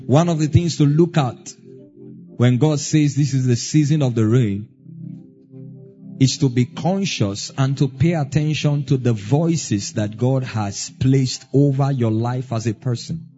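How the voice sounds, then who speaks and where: A man's voice: mid-range voice, a little slow, dark tone, muffled recording, faint music behind. A Nigerian man with a Nigerian accent preaching a sermon as pastor, stressing words in a rising, sing-song way.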